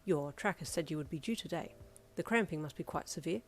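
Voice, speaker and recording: A woman's voice: deep voice, fairly quick. A woman voicing a polite, earnest teenage boyfriend who speaks in stiff, formal sentences in a fan fiction audio reading. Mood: gentle.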